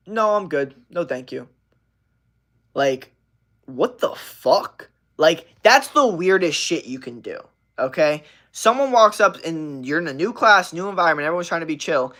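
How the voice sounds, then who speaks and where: Livestreaming, a young man rambles through a profanity-laced story, saying "like" constantly. He speaks on the high side with a slightly bright tone.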